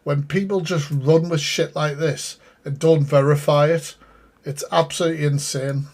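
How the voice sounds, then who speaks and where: A man's voice: fairly high pitch, fairly even intonation, normal speed, darkish tone, slight background noise. A man giving sweary, exasperated live reaction commentary and talking to his chat. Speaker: streamer reacting to a live stream.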